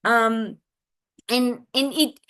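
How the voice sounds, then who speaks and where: A woman's voice: on the high side, drawn-out words, clear, resonant tone. Chatty woman speech therapist, many restarts. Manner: acts out lively sing-song examples. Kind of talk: parenting webinar talk.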